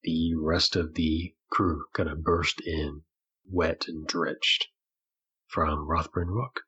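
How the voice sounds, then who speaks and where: Deep husky game master man. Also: flat delivery, slow pace, sharp tone, highs cut off. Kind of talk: narrating a tabletop game.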